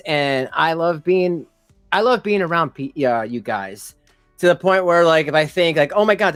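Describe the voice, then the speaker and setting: A man's voice: fairly high pitch, fairly bright tone, dry recording. Rambling man streaming to his chat. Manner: rambling, full of "you know" and "like", chatty asides to chat. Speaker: live streamer reacting to videos. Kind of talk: casual live-stream commentary.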